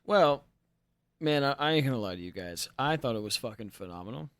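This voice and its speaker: A man chats about movies on a podcast in a mid-pitched voice. He talks loose and emphatic, full of slang, with a dry, close sound. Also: expressive, fairly quick, no echo. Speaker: podcast co-host. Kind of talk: casual movie chat.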